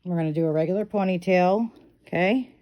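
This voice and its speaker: A middle-aged woman hosting a reborn doll hair tutorial talks a little fast in a fairly low voice, and the recording is muffled. She casually explains each step of styling the doll's hair in a chatty, instructive way, often checking in with "okay" while dealing with hiccups.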